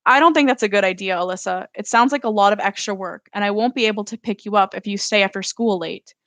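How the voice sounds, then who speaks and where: A strained, controlling mother in a storybook scene, read by a woman, firm and defensive as she holds her ground. The voice has a middle pitch and the sound is dry and close. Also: fast talker, a bit bright, dry recording, natural voice. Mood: worried. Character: worried, controlling single mother.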